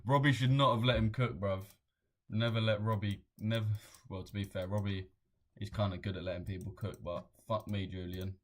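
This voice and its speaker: A man's voice: on the low side, steady tone, a little fast. A man chatting casually on a trading stream, slangy and full of swearing. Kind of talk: casual live-stream commentary.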